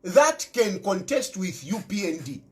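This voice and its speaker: A Zambian man speaks in a markedly high, lively register, with Zambian-accented English and local phrases mixed in. He pushes his political argument hard, repeating lines again and again for force. The delivery is a passionate, rambling monologue. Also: unhurried. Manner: repetitive, emphatic, mixes English with local phrases. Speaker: political commentator.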